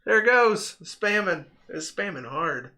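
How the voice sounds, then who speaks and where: A man's voice: sits high, expressive, unhurried, bright, forceful tone. A man hosting a live stream, chatting casually and rambling through anecdotes with lots of fillers and laughter. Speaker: stream host.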